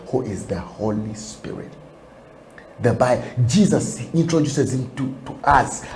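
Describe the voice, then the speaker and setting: A man's voice: mid-range voice, slight background noise. A man preaching and praying earnestly on a television broadcast, often repeating his words. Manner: earnest, repeats words, rises loud and excited toward the song. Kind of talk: sermon and prayer. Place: TV studio.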